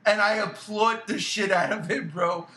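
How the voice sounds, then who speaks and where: A man hosting a casual podcast, laughing and excitable. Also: high voice, normal speed. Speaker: podcast host. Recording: roomy echo with faint background noise.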